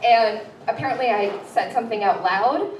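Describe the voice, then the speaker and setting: A woman's voice: on the high side, moderate pace. A young woman performing a stand-up comedy set, chatty and self-deprecating, with lots of ums. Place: improv theater stage with live audience. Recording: roomy, from far off, crowd and noise.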